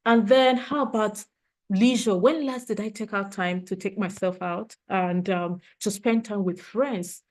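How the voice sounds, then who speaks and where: A woman's voice: medium pitch, measured pace. A woman trainer giving a motivational leadership talk, earnest and emotional, repeating her points for emphasis.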